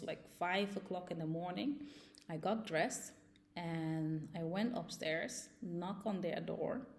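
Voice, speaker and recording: A woman's voice: on the low side, gravelly, a little mellow. A young woman vlogger recounting a personal ordeal, agitated, with frequent fillers and restarts. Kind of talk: personal storytelling.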